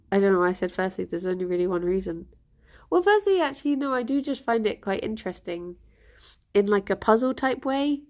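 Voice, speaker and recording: A young woman chatting casually with her stream viewers, rambling and giggly, sounding a little bunged up. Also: mid-range voice. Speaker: livestream host.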